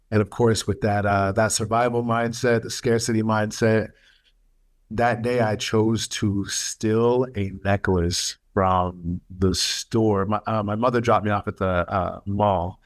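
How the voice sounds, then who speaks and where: A man sharing his life story as a webinar speaker, earnest and emotional, with halting pauses and fillers. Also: on the low side. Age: adult, studying for a master's. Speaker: webinar speaker, youth mentor.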